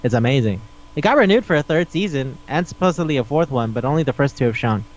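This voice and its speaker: A man's voice: medium pitch, expressive, fast. A man co-hosting a podcast in casual chat, rambling animatedly and swearing freely. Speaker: podcast co-host.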